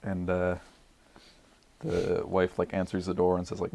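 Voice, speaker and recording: Deep, gravelly young man rambling a story. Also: completely flat delivery, moderate pace, darkish tone. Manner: rambling, many fillers like "like" and "uh". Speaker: podcast regular. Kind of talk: casual chat, telling a movie pitch.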